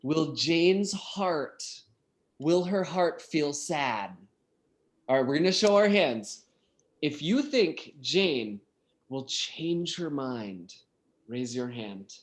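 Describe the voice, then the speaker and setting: Teaching an English class online, a man slowly puts questions to his students and encourages them to respond. His pitch is fairly high and his intonation lively.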